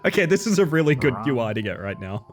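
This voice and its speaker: An animated male game streamer who swears freely and laughs often. His pitch leaps around a great deal, sitting mid-range for a man. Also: quick pace, a little hiss or hum. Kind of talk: live game-streaming commentary.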